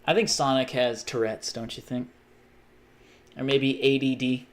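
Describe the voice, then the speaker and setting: Guy streaming a game, rambly and cussy, hops topic to topic, mid-pitch voice. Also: fairly even intonation, a little slow. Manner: rambling, profane, jumpy tangents. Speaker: gaming livestreamer. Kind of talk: casual chat while gaming.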